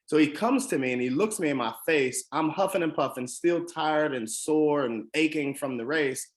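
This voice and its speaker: A man's voice: a little high, moderate pace. Earnest man telling a motivational story. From Washington DC area. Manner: earnest, emphatic, with frequent ums and restarts. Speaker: motivational speaker.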